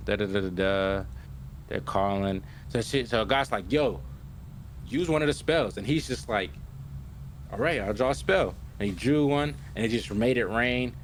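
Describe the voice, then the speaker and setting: A man's voice: fairly low pitch, a little hiss or hum. A young man casually recapping an anime episode on a podcast, acting out the characters' lines and checking in with "right?" all the time. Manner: animated retelling, acts out characters' lines with "yo" and "right?". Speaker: podcast co-host.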